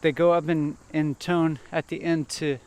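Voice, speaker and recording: Halting man talking on a walk. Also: a little high, level tone, darkish tone, smooth. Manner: halting, hesitant, repeats words. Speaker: vlogger. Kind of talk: rambling self-reflective monologue while walking. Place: outdoor nature trail. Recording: faint outdoor noise.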